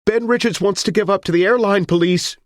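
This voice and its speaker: A man's voice: medium pitch, sing-song, normal speed, a little mellow, husky, no echo, clean studio sound, pitched above the performer's own voice. A man voicing a frightened young woman taken hostage in an audiobook. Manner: pleading, fearful. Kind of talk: audiobook character voice.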